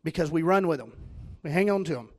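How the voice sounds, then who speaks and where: A man's voice: fairly high pitch, expressive, fast, darkish tone. A man with a Southern US accent preaching a sermon, telling stories with self-deprecating humor. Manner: joking, self-deprecating storytelling.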